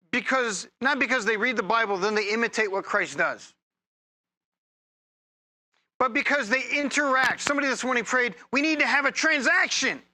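A man preaching a sermon as a pastor, conversational and humorous, with energetic bursts of emphasis. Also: very high-pitched.

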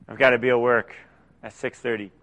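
A man preaching a conversational sermon, often dropping to soft, quiet asides. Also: mid-range voice, flat delivery, a little fast. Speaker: pastor.

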